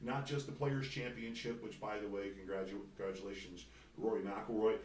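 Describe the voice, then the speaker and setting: A man's voice: fairly low pitch, fairly even intonation, fairly quick, echoey room, far from the mic, slight background noise, poor audio. A man hosting a casual sports talk radio show, rambling and joking, swearing freely. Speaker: host. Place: radio studio.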